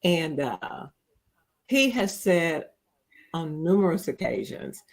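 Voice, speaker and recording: Woman podcast host, animated storyteller, acts out voices in her stories. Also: deep voice, takes it slowly. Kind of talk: casual chat.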